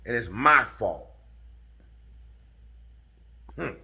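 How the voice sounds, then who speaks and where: Middle-aged male storyteller, unhurried drawl with a bright edge, casual. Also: mid-range voice, lively intonation, vocal fry. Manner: drawling, chuckling, gets heated and loud.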